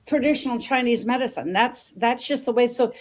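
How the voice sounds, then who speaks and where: A woman's voice: a little high, fairly quick. Effusive woman hosting an interview show. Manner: effusive, repeats words, rambling asides. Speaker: show host. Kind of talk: enthusiastic interview chat.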